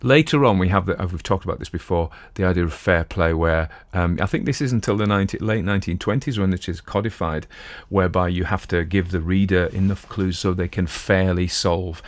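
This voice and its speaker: A middle-aged man with a very low voice hosts a podcast from his home. He talks in a loose, digressive, chatty way, wandering off on asides before returning to his point. The sound is dry and close, with no room echo. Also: fairly quick, hardly any pauses. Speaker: podcast host. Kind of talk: casual talk on classic literature.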